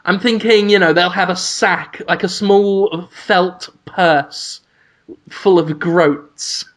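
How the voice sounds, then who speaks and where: Playful high-voiced podcast guy. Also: takes it slowly, a bit bright. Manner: playful, rambling, spins absurd scenarios. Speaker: podcast co-host. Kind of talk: casual comedic chat.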